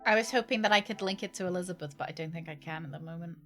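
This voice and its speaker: A woman's voice: fairly low pitch, rapid-fire, fairly bright tone, faint music behind. A woman chatting through a livestream game, laughing often and rambling in jokey asides. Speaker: streamer. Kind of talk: gaming livestream commentary.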